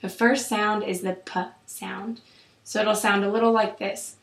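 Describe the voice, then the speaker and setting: A woman clinician calmly guiding a patient through an oral exam, with steady, encouraging instructions. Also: medium pitch, a little slow, gravelly. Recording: roomy echo.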